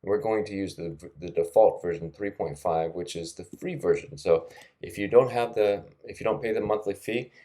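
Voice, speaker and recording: Low-voiced man, chatty tutorial. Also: moderate pace. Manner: casual and chatty, with frequent fillers and soft laughs. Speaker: language teacher. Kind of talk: screen-recorded tutorial.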